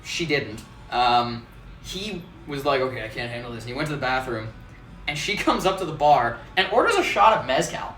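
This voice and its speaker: A man's voice: medium pitch, moderate pace. A man, a bartender hosting his own show, telling a story casually, laughing often and acting out what people said. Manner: animated, laughs often, acts out quotes. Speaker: bartender and host. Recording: roomy, distant mic, faint ambience.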